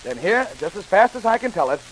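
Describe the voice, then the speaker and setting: A man telling a fairy tale as a rapid-fire comic routine, jumping between shouted character voices. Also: high-pitched, very animated, low-quality recording. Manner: breakneck patter, shouted voices for each character. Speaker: comic storyteller. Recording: hissy vintage record.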